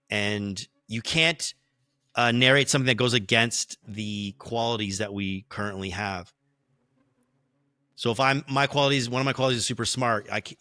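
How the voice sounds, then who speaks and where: Guy running a tabletop game, bright voice, dry close mic, lots of uhs. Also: lowish voice, no echo. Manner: relaxed, hesitant, many fillers. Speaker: game master. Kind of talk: explaining rules and narrating a tabletop game.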